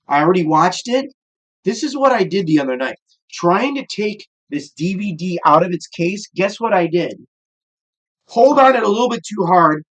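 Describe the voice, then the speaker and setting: A middle-aged man with a Midwestern American accent, hosting a casual cooking show as a gruff, profane curmudgeon. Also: fairly high pitch, fairly bright tone.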